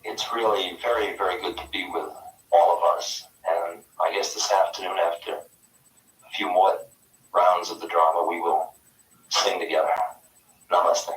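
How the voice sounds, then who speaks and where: A man giving a live spiritual talk in a conference hall, animated and playful, swinging between loud bursts and soft whispers. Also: low voice, measured pace, pauses often, a little hiss or hum. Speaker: spiritual teacher. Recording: echoey hall, mic far off.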